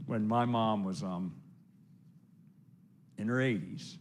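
A man preaching a sermon, telling lively stories and urging listeners on, with loud exclamations and hushed asides. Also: fairly low pitch, takes it slowly, creaky, long pauses, slight background noise. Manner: exhorting listeners directly.

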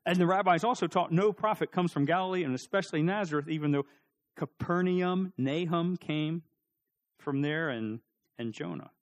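A middle-aged male pastor delivering a sermon in a church, with a fairly high-pitched voice. He preaches in an animated way, swings between quiet asides and loud, emphatic peaks, and acts out the voices of the people in his story. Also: moderate pace.

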